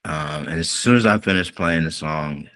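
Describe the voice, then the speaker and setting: A man's voice: a bass voice, normal speed, a bit bright. A male R&B singer telling a long story in a podcast interview, acting out the quoted voices as he goes. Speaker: guest singer.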